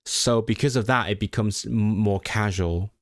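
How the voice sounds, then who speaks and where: A man's voice: fairly low pitch, normal speed, no echo, studio quality. A young man learning Welsh, reading sentences aloud, repeating and correcting himself as he thinks aloud on a casual stream. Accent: non-native Welsh learner. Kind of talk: casual livestream study session.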